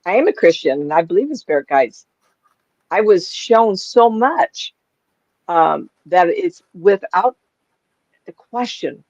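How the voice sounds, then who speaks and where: Woman, middle-aged, animated storyteller, quotes people in their voices, dry dull recording. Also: lowish voice, slow pace, long pauses, dry recording. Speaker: psychic medium guest. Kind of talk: casual storytelling chat. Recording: dull lo-fi sound.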